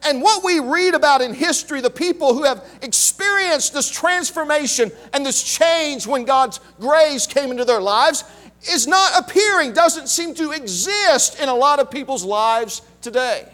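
High-voiced, animated male preacher. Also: normal speed. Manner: emphatic, repeats key phrases, calls out to the congregation. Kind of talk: sermon.

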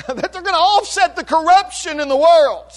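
Male pastor preaching, high lively voice, slow repeated phrases. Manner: preaching cadence, repeats phrases, rises to shouts. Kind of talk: sermon. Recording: mains hum behind.

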